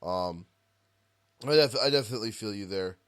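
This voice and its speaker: Casting: young male podcast co-host, relaxed and agreeable, halting casual speech. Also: lowish voice, clear, resonant tone. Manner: easygoing, hesitant, agreeable. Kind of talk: casual chat about games.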